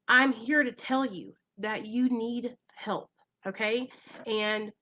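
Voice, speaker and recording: Woman, recovery channel host, livestream from home; earnest, emotional, bright and slightly high voice. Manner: earnest, emotional, keeps addressing viewers directly. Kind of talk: livestream talk to viewers.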